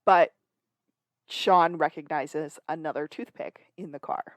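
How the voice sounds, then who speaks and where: A woman's voice: sits low, fairly even intonation, unhurried, no echo. A woman co-hosting a podcast, filling in plot details in a matter-of-fact, casual way. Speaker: podcast co-host. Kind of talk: casual chat recapping a show.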